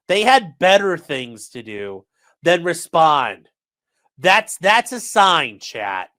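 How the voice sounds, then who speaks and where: A man giving casual, sarcastic legal commentary on a livestream, talking straight to his chat. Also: high voice. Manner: casual, sarcastic, lively asides.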